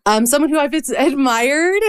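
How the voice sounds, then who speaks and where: A woman's voice: lowish voice, no room sound, clean studio sound. Emotional woman podcast host. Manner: emotional, gushing, laughs often. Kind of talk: warm podcast interview.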